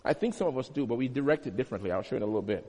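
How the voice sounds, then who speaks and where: A man's voice: medium pitch, expressive, very fast, a little mellow, husky. A male pastor preaching a sermon, teaching with emphatic repetition and homely everyday examples. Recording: long hall reverb.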